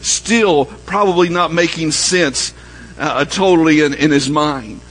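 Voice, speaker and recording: A man preaching a sermon, telling a story and dropping low and soft when he quotes the people in it. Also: a little slow, rough recording. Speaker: pastor.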